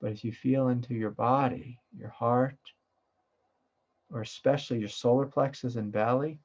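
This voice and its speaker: A man, a meditation teacher, giving a satsang talk in a gentle, reflective way with many fillers and asides. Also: mid-range voice, steady tone, normal speed, lo-fi sound.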